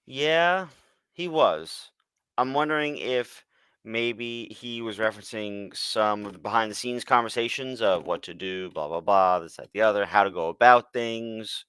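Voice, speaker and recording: Man, podcast co-host, casual chat, easygoing, smooth voice, dry sound. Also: on the low side, unhurried, a bit bright, dry recording. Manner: easygoing, backchannels a lot.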